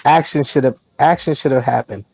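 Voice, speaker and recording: A man on a casual talk show pushes his argument home and repeats words as he presses on. His voice is dark and mellow. The sound is dry and a bit dull, with faint music beneath. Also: mid-range voice, fairly quick, vocal fry, breathy edge, dry recording. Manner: emphatic, repeats words when pressing a point. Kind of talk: casual chat.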